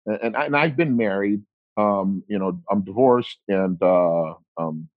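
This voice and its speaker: A man in his forties talking casually as an interview guest, rambling and self-deprecating, quick to laugh. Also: fairly low pitch, no room sound, phone-quality sound. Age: 40s.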